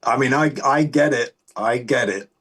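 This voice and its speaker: A man's voice: medium pitch, normal speed, a bit bright, breathy edge, rough recording. British man, musician guest, rambling and loose, restarts his sentences, mid-range voice. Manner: rambling with many restarts and fillers. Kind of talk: casual interview chat.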